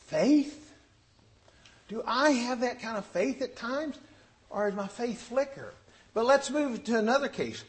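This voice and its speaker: A man's voice: very high-pitched, unhurried. A man preaching a sermon, telling Bible stories and acting out the quotes. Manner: animated, acts out scripture quotes.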